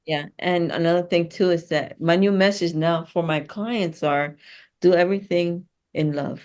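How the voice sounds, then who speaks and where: A lower-pitched woman talks over a video call in an animated, emphatic and playful way. She speaks as a spiritual healer and host in a casual heartfelt chat. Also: normal speed.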